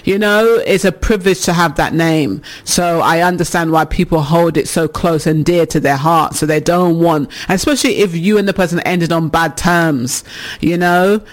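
A man with a somewhat high voice hosts a casual radio talk show. He muses aloud and laughs often as he reads out what listeners write in. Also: moderate pace. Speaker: radio host reading listener comments. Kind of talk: casual chat.

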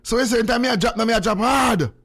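Lively older Jamaican radio man. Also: extremely high pitch, fast talker, husky. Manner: animated, laughing, patois-heavy storytelling. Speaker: radio host. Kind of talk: casual radio chat with callers.

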